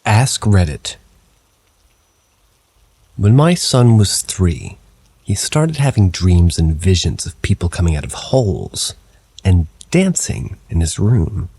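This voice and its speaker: Slowly and with long pauses, a husky-voiced man narrates scripted paranormal stories in the first person. His storytelling tone stays low and even.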